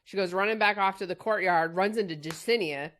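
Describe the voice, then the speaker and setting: A woman's voice: mid-range voice, a little fast, fairly bright tone. A woman co-hosting a book podcast, casually explaining and correcting story details. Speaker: podcast co-host.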